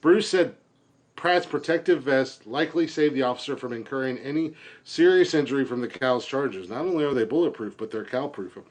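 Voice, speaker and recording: A man's voice: mid-range voice, lively intonation, a little fast. A man hosting a comedy podcast, reading a news story and riffing on it crudely while laughing at his own jokes. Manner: laughs through his own jokes, stumbles over words. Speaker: podcast host.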